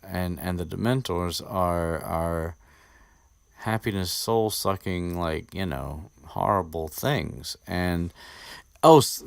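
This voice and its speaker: A low-voiced man rambles through a casual podcast chat, swearing freely and restarting his sentences. The sound is dry and close, with no room echo. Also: creaky. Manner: rambling, profane, restarts often. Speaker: podcast host discussing a book.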